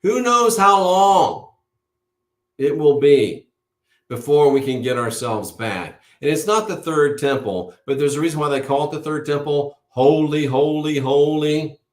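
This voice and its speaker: A man's voice: a little high, moderate pace, a little mellow. A man hosting an online show, giving an impassioned monologue to a live audience. He speaks emphatically and in a preachy way, repeating key words for force. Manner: emphatic, with insistent repetition; preachy, declaring things as certain. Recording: roomy echo.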